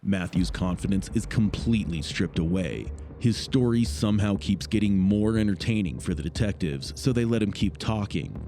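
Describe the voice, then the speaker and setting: A man narrating a true crime documentary in a measured, dramatic scripted style. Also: low voice, expressive, noisy background.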